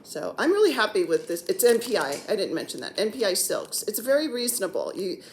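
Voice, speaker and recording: A woman's voice: mid-range voice, big pitch swings, brisk, slight background noise. A woman in her sixties chatting casually as a cross-stitch vlogger, rambling and joking while seated on the floor at home. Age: 60s. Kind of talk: casual chat.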